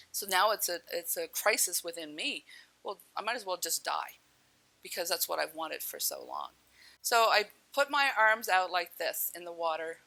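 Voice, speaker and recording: A woman with a lowish, pushed, bright voice bluntly shares her personal testimony about a near-death experience, swearing here and there and laughing at herself. The recording is low quality.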